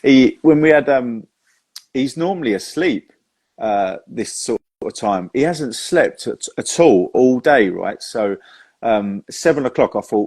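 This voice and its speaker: A magician hosts a live, casual chat, telling jokes and stories, laughing often and swearing now and then within his anecdotes. He is chatty, and his medium-pitched voice is animated, a little slow and somewhat dark in tone.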